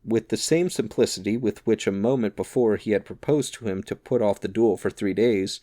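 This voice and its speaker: A man narrating a classic adventure novel in a steady, measured way. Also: on the low side, no echo, clean studio sound. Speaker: audiobook narrator.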